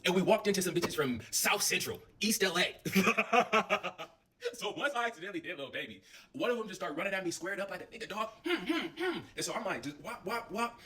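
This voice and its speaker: A young man casually telling a story, animated and full of slang and swearing. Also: sits high, far from the mic.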